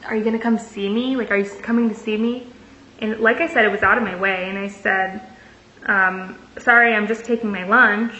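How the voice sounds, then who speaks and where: A woman's voice: medium pitch, pushed and bright. A young woman in a casual storytelling vlog, reading out messages with sarcastic asides. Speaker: vlogger. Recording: echoey room, dull lo-fi sound, faint hiss.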